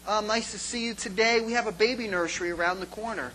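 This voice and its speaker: A man's voice: high-pitched, quick pace, pushed and bright, slight background noise, low-quality recording. A man voicing an overly polite church usher with a chirpy, scripted welcome.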